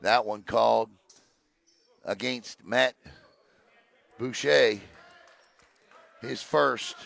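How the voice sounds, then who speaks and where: A man calling a high school basketball game play by play, excitable on big plays and joking between them. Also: drawn-out words, gravelly, dry recording. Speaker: play-by-play announcer. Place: gym broadcast position.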